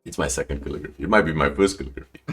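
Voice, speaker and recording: Very deep-voiced man, animated storyteller. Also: very fast. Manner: animated, acts out quoted lines with big pitch jumps; emotional, rambling with restarts. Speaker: guest calligrapher. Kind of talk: personal storytelling in a podcast interview.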